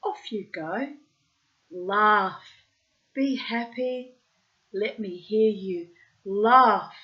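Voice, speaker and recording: A woman's voice: medium pitch, very slow, highs cut off. A woman reading aloud and voicing a jovial, teasing male God who coaxes and roars with laughter. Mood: coaxing. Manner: hearty, coaxing, bursts into roaring laughter.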